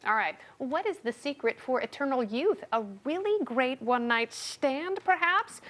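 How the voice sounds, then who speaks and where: A woman hosting a TV panel show, reading segments with quick wisecracks. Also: high voice, animated, fairly bright tone. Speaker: host.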